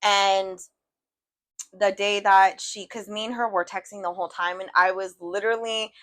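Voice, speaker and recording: A woman's voice: medium pitch, steady tone, moderate pace, fairly bright tone, slight background noise. A woman co-hosting a podcast, talking bluntly and swearing freely in casual chat. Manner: blunt, profane, outspoken. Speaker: podcast co-host.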